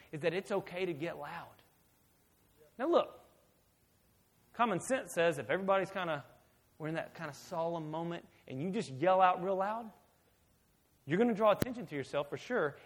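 A man preaching a sermon as pastor, swinging from hushed, intimate talk to loud, emphatic shouting. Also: fairly high pitch, expressive, moderate pace, slightly rough.

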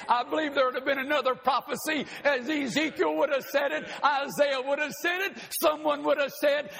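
High, husky preacher in a reverberant hall. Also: male voice, fairly bright tone. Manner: folksy, joking asides to the congregation. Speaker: pastor. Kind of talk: sermon. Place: church sanctuary.

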